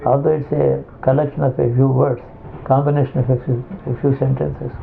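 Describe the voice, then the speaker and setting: A man giving a spiritual discourse as a teacher, halting and restarting as he searches for words. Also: mid-range voice, flat delivery, vocal fry. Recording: tinny phone-like lo-fi recording with faint hiss.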